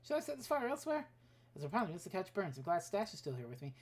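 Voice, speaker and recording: A woman's voice: medium pitch, sing-song, quick pace. A woman streamer reading a text adventure game aloud, with offhand asides and swearing.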